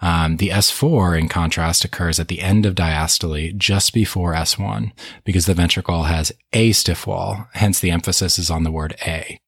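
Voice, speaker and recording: A man hosting a medical education podcast, explaining heart sounds in a measured teaching style and posing questions before answering them himself. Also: deep voice, fairly even intonation, fairly bright tone, breathy edge, dry recording, clean studio sound. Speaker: podcast host teaching cardiology. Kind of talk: scripted teaching narration.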